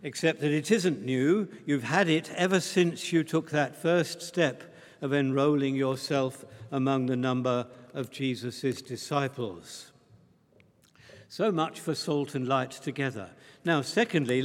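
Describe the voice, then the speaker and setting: A man preaching a sermon, measured and emphatic in delivery. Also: medium pitch, long reverb tail.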